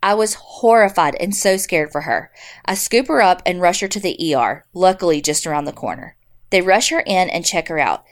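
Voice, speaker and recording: A woman's voice: on the low side, lively intonation, normal speed. A woman co-hosting a podcast, reading listener stories aloud and chatting in a blunt, wry way. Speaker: podcast co-host.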